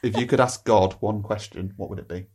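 A woman reading out quickfire quiz questions on a podcast, brisk and stifling laughs. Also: very deep voice, mellow, breathy edge. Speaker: quiz master.

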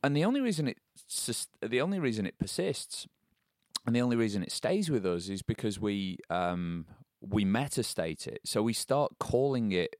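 A man's voice: lowish voice, very animated, moderate pace, a little mellow, no echo, studio quality. A man co-hosting a casual podcast, reflecting aloud and explaining ideas, often restarting his sentences. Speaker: podcast co-host.

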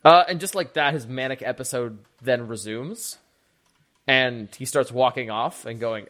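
A man's voice: medium pitch, unhurried. A man narrating as game master of a tabletop game, casual and full of "like". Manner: animated, filler-heavy, casual.

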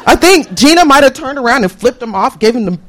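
A woman telling a comic story in an animated, profane way and acting out the voices. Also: high voice, brisk.

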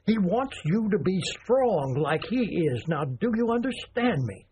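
An older man playing a proud, unbending grandfather who talks haltingly at first, then turns firm and lecturing. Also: high voice, sing-song, mellow, a little hiss or hum. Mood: stern. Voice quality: raspy.

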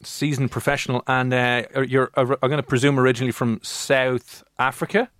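An Irish man hosts a breezy radio chat, full of jokes and teasing. His voice sits at a middle pitch and sounds close and dry, with no room around it. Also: steady tone, brisk, a bit bright, dry recording. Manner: joking, teasing. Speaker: radio host.

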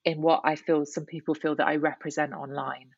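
A woman's voice: sits low, little pitch movement, a little fast, gravelly, breathy edge, no echo, highs cut off. A woman guest talking candidly in an interview, reflective and full of restarts and "you know"s. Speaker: guest, writer and columnist.

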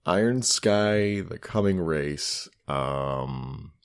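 A man's voice: rumbling low, animated, very slow, clear, resonant tone, no room sound, clean studio sound. A man co-hosting a podcast, rambling and laughing as he sums up a movie plot. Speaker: podcast co-host. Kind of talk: casual movie-review chat.

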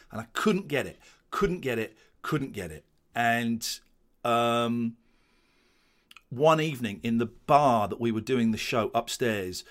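A man's voice: mid-range voice, a bit bright. A man giving rambling, self-deprecating commentary over an old comedy show, with many restarts.

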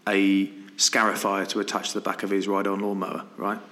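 Bright-voiced man telling stories. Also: low voice, completely flat delivery, a little fast, reverberant. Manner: storytelling, laughs often, acts out quoted friends. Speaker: podcast co-host. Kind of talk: casual chat.

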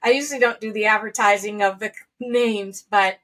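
A woman's voice: mid-range voice, steady tone, normal speed, a bit bright. A woman hosting an interview, asking prepared questions and affirming her guest's answers. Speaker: host, interviewer.

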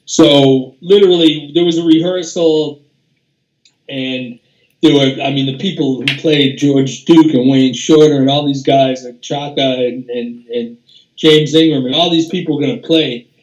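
A man's voice: medium pitch, steady tone, unhurried, highs cut off. An older man, a music producer, telling casual anecdotes as an interview guest, rambling with restarts, fillers and swearing. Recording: roomy echo.

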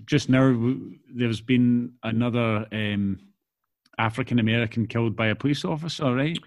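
A man at a middle pitch shares earnest, measured opinions in a relaxed, conversational way. His voice is close and dry, with no echo. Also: lo-fi sound. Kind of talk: casual chat.

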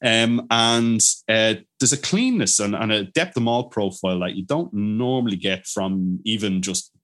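In a laid-back podcast interview, the guest, a man who owns a brewery, is an enthusiastic storyteller who leans on fillers and restarts and throws in animated quoted voices. His voice is on the low side, at a moderate pace.

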